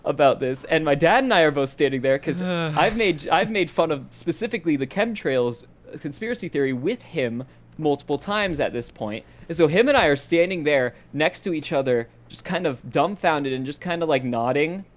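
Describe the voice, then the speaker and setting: A man's voice: on the high side, expressive, normal speed. Rambling young man telling a story. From Boise, Idaho. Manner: rambling storyteller, laughs often. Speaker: podcast co-host. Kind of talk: casual chat.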